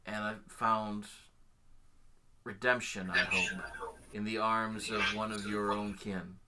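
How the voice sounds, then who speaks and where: A man voicing a woman who is trying to leave an evil past behind, speaking slowly in a solemn, formal way. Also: lowish voice, flat delivery, very noisy. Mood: remorseful. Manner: slow, solemn, formal speech.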